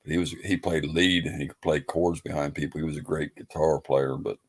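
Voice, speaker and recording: A man's voice: very deep voice, fairly even intonation, a little fast, breathy edge. A man hosting a livestream, talking in a rambling, folksy, laid-back way. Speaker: livestream host. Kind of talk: casual livestream chat.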